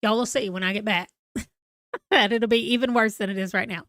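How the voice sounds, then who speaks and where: A woman's voice: medium pitch, steady tone, moderate pace, fairly bright tone, no room sound, clean studio sound. A middle-aged woman with a Southern US accent, chatting casually as she hosts a livestream and laughs at herself. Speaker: livestream host.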